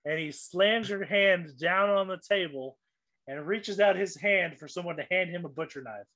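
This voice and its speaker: A man's voice: sits high, normal speed, bright, forceful tone, no echo. A man narrating as game master of a tabletop game, loose and laughing between lines.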